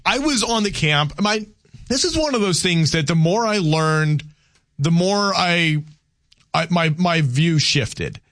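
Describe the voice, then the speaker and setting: Man with a bright, high-ish voice. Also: lively intonation, no echo, clean studio sound. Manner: halting, repeats words while explaining. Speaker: co-host. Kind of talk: casual political chat.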